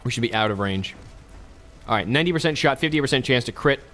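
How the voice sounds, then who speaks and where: Male let's-play host, mid-pitched, casual and chatty, cracks jokes to viewers while he plays. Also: expressive, quick pace, a bit bright, slight background noise. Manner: chatty, joking asides to viewers. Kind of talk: casual gameplay commentary.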